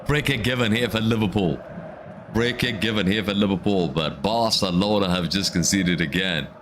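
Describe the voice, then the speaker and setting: Brief: male streamer, lowish voice, fired-up football reactions, repeats lines for emphasis. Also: moderate pace, background noise. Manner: excitable, ranting, repeats himself. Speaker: watch-along streamer. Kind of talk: live football reaction commentary.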